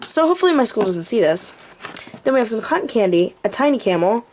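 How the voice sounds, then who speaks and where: A woman's voice: fairly high pitch, big pitch swings, fast talker, darkish tone, a little hiss or hum. A young woman giving a goofy, playful tour of her bedroom for her channel, tossing in jokey asides. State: out of breath. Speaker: vlogger. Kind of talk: casual room tour.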